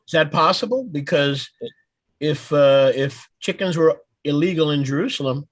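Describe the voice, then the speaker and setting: A man leads a meeting with a slightly raised pitch, teasing his companions in playful banter. He jokes freely as he teaches. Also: normal speed, no echo. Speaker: congregation leader.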